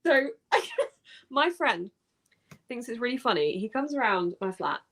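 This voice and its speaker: A woman's voice: fairly high pitch, moderate pace. A woman co-hosting a livestream, telling a funny story in casual chat and laughing often. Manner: lively anecdotes broken by frequent laughter. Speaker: livestream co-host.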